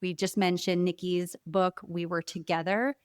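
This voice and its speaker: A woman hosting a podcast interview about books, enthusiastic and quick to laugh as she asks her guest questions. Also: fairly low pitch, level tone, dry recording, studio quality. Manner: warm, enthusiastic, laughs easily. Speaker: podcast host. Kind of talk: conversational interview.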